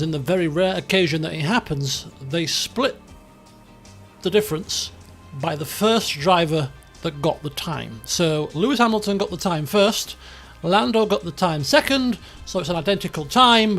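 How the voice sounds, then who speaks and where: A man's voice: on the high side, creaky, a bit bright. A man streaming a racing management game, chatting casually in a rambling, self-deprecating way. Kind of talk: casual live-stream commentary.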